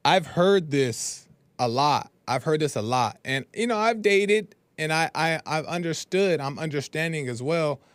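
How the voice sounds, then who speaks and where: A man's voice: on the high side, expressive, a little slow, clear, resonant tone, dry recording. A man hosting a podcast, giving opinionated commentary on a clip in a hesitant way. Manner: opinionated, hesitant, with restarts and fillers. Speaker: podcast host.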